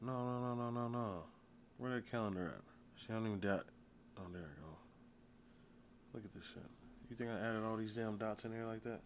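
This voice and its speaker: Low-voiced man firing rhetorical questions. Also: slight background noise. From United States. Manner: profane, rapid-fire rhetorical questions. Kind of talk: casual chat.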